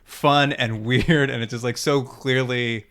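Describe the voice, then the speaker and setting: Gravelly-voiced man recapping a show. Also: mid-range voice, steady tone, measured pace, a bit bright. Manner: laughs often while retelling scenes. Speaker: podcast co-host. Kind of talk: casual chat recapping a TV episode.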